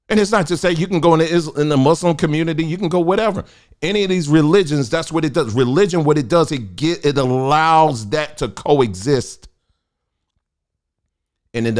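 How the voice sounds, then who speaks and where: A middle-aged man, hosting a casual livestream and talking in an animated, preachy, colloquial way. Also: medium pitch. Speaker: host.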